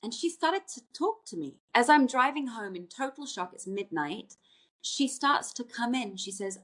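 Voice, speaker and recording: A woman's voice: on the high side, very animated, normal speed, fairly bright tone. A woman podcast guest telling a personal story in an earnest, reflective way, often restarting her sentences.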